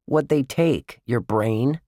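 A man's voice: mid-range voice, slow, warm tone, no echo, clean studio sound, voice pushed up, natural voice. A man voicing a friendly young boy who teases his pal. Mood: teasing.

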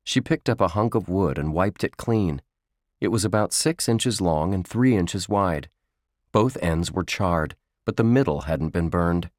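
Slow, deep-voiced man reading a storybook. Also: animated, darkish tone, dry recording, studio quality. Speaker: audiobook narrator. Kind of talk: children's book narration.

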